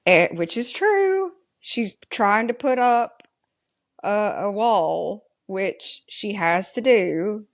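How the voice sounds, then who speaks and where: A woman's voice: mid-range voice, expressive. A woman co-hosting a podcast, chatting casually through an episode recap and reading scene lines aloud. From Southern US. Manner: unhurried, reads scene dialogue aloud. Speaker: podcast co-host.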